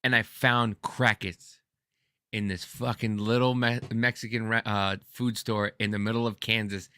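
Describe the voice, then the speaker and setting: A man's voice: on the low side, flat delivery, normal speed, pushed and bright, clean tone. A middle-aged man telling a personal story in casual chat, earnest and profane, often stumbling over restarts.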